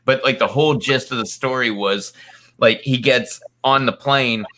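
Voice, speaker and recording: A man with a bright, forceful voice tells a long story in casual chat. He rambles, stacks up fillers and slips into quick quoted voices as he goes. His pitch sits in the middle for a man. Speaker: co-host.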